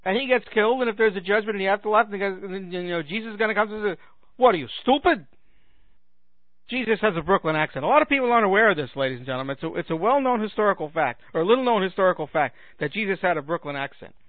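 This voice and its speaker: High-voiced man ranting sarcastically, tinny sound. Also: lively intonation, rapid-fire, few pauses, dry recording. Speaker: radio talk host. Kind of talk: comedic monologue.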